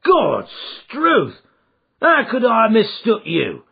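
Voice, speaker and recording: A man voicing a gruff, stubborn prizefighter turned porter in an audiobook, with rough rustic speech. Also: extremely high pitch, huge pitch swings, slow pace, voice pushed up, exaggerated voice. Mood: boisterous. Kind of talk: audiobook character voice. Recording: thin phone-like audio.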